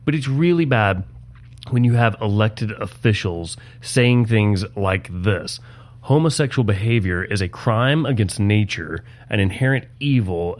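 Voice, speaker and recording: A man co-hosting a political podcast in a studio, talking with wry, sarcastic asides. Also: lowish voice. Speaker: podcast co-host.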